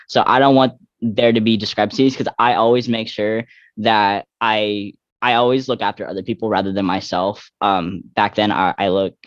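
A man's voice: lowish voice, no echo. A young man from Texas, a guest athlete talking casually in an interview, rambling with many fillers and restarts. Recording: dull lo-fi dry recording.

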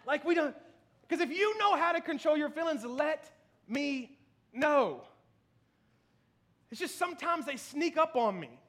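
With an extremely high, expressive voice that's a bit bright, the pastor, a man in his thirties, preaches a little slowly and pauses often. His sermon is chatty and self-mocking, with frequent laughs and plenty of "you know what I mean."

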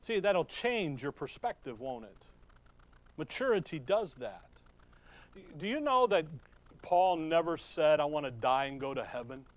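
A man preaching a sermon as pastor in a conversational way, with sudden loud emphasis and quick asides to the congregation. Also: on the high side, big pitch swings.

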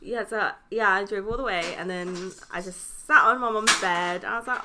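A young woman from England co-hosting a podcast, telling stories in an animated, laughing way. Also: medium pitch, brisk, few pauses, noisy background. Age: young adult. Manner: animated storytelling, laughs while talking. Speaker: podcast co-host. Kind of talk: casual chat.

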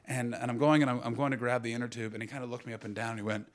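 A Canadian man in his thirties telling a stand-up comedy story and bantering with the audience, swinging from loud outbursts to low asides. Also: little pitch movement, rapid-fire. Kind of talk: stand-up comedy with crowd work.

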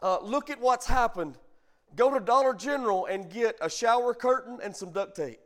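A man's voice: extremely high pitch, moderate pace, fairly bright tone. A middle-aged man preaching a sermon as pastor, calling the congregation to answer and telling a folksy family story. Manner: preaching with call-and-response, bursts of emphasis.

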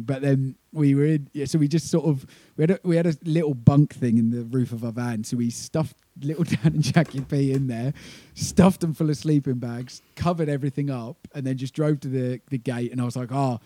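A man's voice: medium pitch, mellow, dry recording. A man telling a rambling, swearing tour story with laughs in casual chat. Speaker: touring band member.

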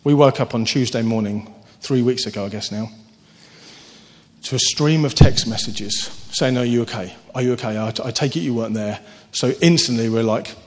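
A man preaching a sermon, earnest and animated, telling stories with sudden lifts in his voice. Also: mid-range voice, normal speed. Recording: long hall reverb.

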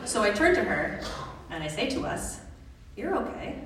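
A woman's voice: medium pitch, big pitch swings, moderate pace. A woman, a student midwife, telling a personal story on a live stage with comic, self-mocking delivery. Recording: echoey, distant live hall recording with background noise.

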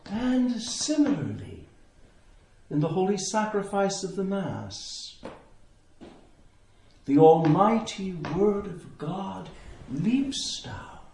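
A man preaching a sermon as a priest, in a slow, contemplative way with long pauses. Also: sits high, gravelly, darkish tone, slight background noise. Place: church. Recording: echoey church interior.

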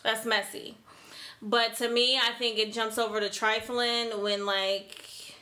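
A woman's voice: on the high side, little pitch movement, slow, bright, forceful tone. A woman hosting a podcast, telling a story in a playful casual chat. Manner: playful, laughing, interjects. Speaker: podcast host.

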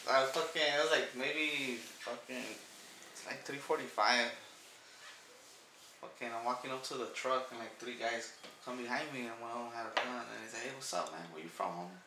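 A man's voice: mid-range voice, fairly even intonation, moderate pace. A man in his thirties co-hosting a podcast, telling a story in a laid-back, profane, chatty way. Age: 30s. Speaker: podcast co-host. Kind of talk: casual storytelling. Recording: echoey room with faint noise.

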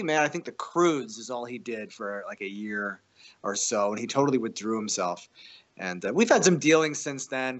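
A man telling a wild story in casual, profane conversation, acting out the quotes. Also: fairly bright tone. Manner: profane, acts out quotes with pitch jumps. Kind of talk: animated storytelling.

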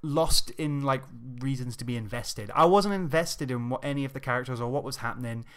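A man in casual podcast chat, giving a measured and thoughtful opinion on a film. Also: medium pitch, fairly bright tone, smooth. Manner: measured, thoughtful, hesitant restarts. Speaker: podcast co-host.

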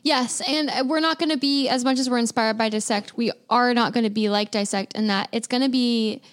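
A woman's voice: a little high, fairly even intonation, brisk. A woman co-hosting a podcast in casual chat who backs her partner with frequent affirmations. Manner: agreeable, backs the other host with frequent affirmations. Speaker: podcast co-host.

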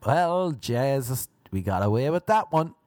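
A man's voice: medium pitch, very animated, measured pace, darkish tone, no room sound, studio quality. An Irish man playing a naive, easily led young man who talks in a baffled, frantic way.

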